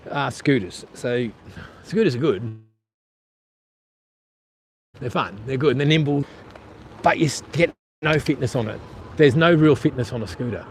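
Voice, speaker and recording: An Australian man riding an e-bike along the coast, talking to his live stream in a rambling, blunt way and swearing casually as he goes. His voice sits at an ordinary middle pitch. Outdoor wind and traffic noise runs clearly under him. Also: a little slow, pauses often. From eastern Australia. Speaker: vlogger.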